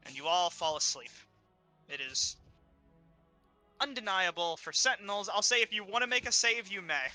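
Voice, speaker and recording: A man's voice: high-pitched, expressive, normal speed, long pauses, bright, forceful tone, faint music behind. A man narrating as game master of a tabletop game, loose and laughing between scenes.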